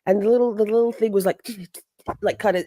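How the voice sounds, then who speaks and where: A middle-aged woman tells a story on a live stream, chatty and animated, stopping to greet viewers. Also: medium pitch, brisk, dry recording, studio quality.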